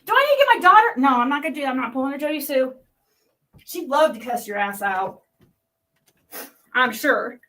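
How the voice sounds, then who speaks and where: Middle-aged woman vlogger, high and piercing, heated profane rant that swings from muttering to yelling. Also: lively intonation, brisk, pauses often. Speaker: vlogger reacting to online critics.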